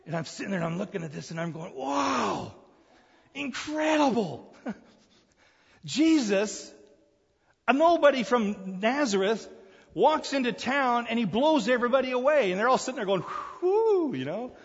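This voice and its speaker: A man preaching a sermon, telling the story in an animated way, acting out the crowd's voices and laughing often. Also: very high-pitched, a little fast, gravelly, husky, long reverb tail, highs cut off.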